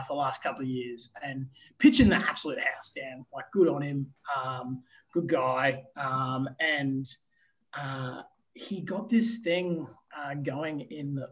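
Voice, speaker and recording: A man with an Australian accent, a baseball umpire telling stories as a guest, animated and full of fillers. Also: fairly high pitch, poor audio. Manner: animated, filler-heavy storytelling with swearing. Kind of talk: casual interview storytelling.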